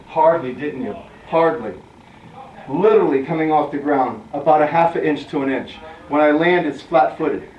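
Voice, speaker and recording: A man's voice: fairly high pitch, moderate pace, slight background noise. A male fitness trainer giving a workout lesson, calling out short commands and counting reps aloud as he demonstrates. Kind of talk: workout instruction. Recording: echoey, distant, dull sound.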